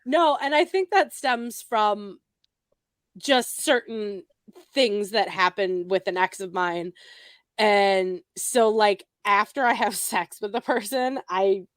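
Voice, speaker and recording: A woman's voice: medium pitch, slow pace, no room sound, studio quality. A woman co-hosting a podcast, chatting casually in a bawdy way and laughing often. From United States. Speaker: podcast co-host. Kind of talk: casual chat.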